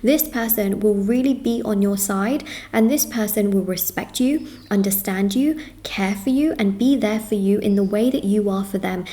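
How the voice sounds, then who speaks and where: A woman's voice: medium pitch, warm tone. A woman reading tarot cards for her viewers, talking in an earnest, reassuring way, repeating herself and running through lists. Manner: lists things in quick runs. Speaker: tarot reader.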